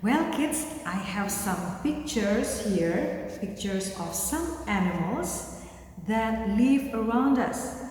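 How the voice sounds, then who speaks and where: A woman with an Indonesian accent teaching young children an English lesson, speaking slowly in simple words and making animal sounds. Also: mid-range voice, lively intonation, darkish tone, a little hiss or hum. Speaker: kindergarten teacher. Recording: very echoey room with long reverb.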